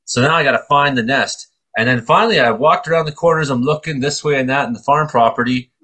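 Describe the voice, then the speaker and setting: A man in casual chat, telling an animated story and acting out quoted voices with high yelps. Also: fast.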